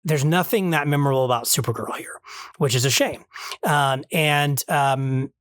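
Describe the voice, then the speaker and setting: Male podcast host, slightly high voice, earnest and thinking aloud, dry close sound. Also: normal speed, fairly bright tone, no echo. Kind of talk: casual review chat.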